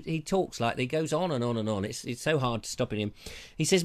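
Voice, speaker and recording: A man's voice: on the high side, animated, a little fast, a bit bright. A man hosting a live show, chatting casually in a rambling, jokey way and often interrupting himself, on a lavalier mic. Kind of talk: casual live-stream chat.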